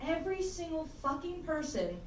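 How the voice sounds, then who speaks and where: A young adult stand-up comedian from Tennessee, very high-pitched and sing-song at normal speed, rambles through a self-deprecating, profanity-heavy set. The small live audience in a campus comedy room is heard through a far-off mic, roomy with faint ambience.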